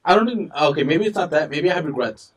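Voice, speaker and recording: A man's voice: a little high, expressive, quick pace, slightly rough. Young man rambling with distant mic. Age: young adult. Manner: swearing, rambling storytelling. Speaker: podcast co-host. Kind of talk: casual chat.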